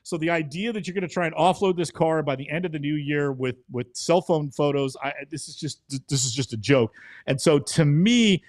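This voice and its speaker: A man's voice: on the high side, no room sound, clean studio sound. A middle-aged man co-hosting a podcast, giving blunt, emphatic opinions in casual talk. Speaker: podcast co-host. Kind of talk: casual chat.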